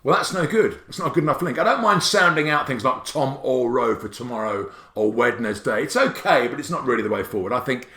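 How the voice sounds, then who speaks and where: A man presenting an app tutorial with excitable, jokey energy, his voice jumping high on exclamations. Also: a little fast, hardly any pauses, roomy sound. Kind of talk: enthusiastic explanatory walkthrough.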